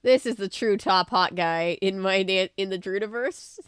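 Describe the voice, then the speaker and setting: A woman's voice: medium pitch, moderate pace, few pauses, smooth, no echo, studio quality. A woman hosting a let's play, giving casual, wry commentary and laughing often. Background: game music.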